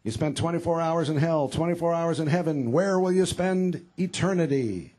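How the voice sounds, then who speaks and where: A man voicing Saint Peter as a stern old male gatekeeper in a joke, speaking in a matter-of-fact, drawn-out way. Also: a little high, dark tone, natural voice.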